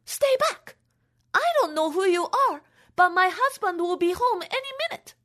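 A woman voicing a frightened old wife in a storybook tale, with a high, shaky, stammering voice. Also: huge pitch swings, slow, fairly bright tone, heavily acted. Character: frightened, trembling old wife, later young.

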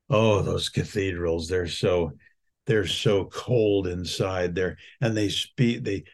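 A man's voice: low voice, vocal fry, darkish tone. An older man co-hosting a podcast, talking in an earnest, reflective way with frequent restarts. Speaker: podcast co-host. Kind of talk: casual reflective chat.

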